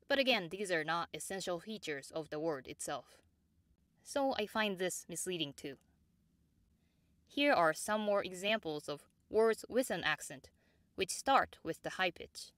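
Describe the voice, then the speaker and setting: Slow, measured woman teaching pronunciation. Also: lowish voice, expressive, a bit bright, no echo. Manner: measured and precise, models example words slowly and repeats them. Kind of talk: slow, clear instructional explanation.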